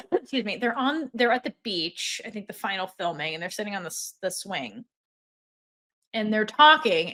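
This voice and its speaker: A woman co-hosting a podcast in casual chat, retelling scenes with acted-out lines and swearing freely. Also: fairly high pitch. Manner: animated retelling, swears freely, acts out characters. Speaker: podcast co-host.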